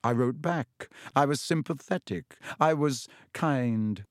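A man voicing a sinister young man who speaks quietly, calmly and with smug menace. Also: medium pitch, slow, dry recording, clean studio sound, close to an everyday voice. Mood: mocking. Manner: quiet, calm, smoothly menacing.

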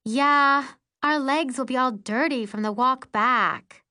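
A woman's voice: high voice, takes it slowly, pushed and bright, voice pushed up, heavily acted. A woman voicing a chatty, eager teen girl at camp in an audiobook.

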